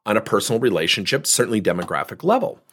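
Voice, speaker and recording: A man's voice: lowish voice, very fast. A man in his fifties hosting a podcast, telling coaching stories in a conversational way and acting out both sides of the dialogue. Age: 50s. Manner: animated storyteller, acts out both sides of dialogues. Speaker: podcast host and sales coach. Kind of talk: conversational storytelling.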